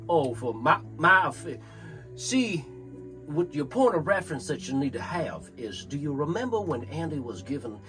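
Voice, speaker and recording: Brief: man co-host, slightly high, very animated delivery, rambling and profane, music bed behind. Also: normal speed. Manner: rambling, swears freely, laughs often. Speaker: podcast co-host. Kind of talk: casual comedic chat.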